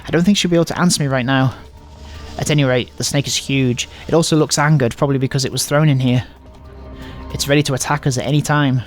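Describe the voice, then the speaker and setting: A man's voice: medium pitch, fairly even intonation, quick pace, soft background music. A man hosting a let's play of a visual novel, reading the game's dialogue aloud in a casual, rambling, self-mocking way. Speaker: gaming host.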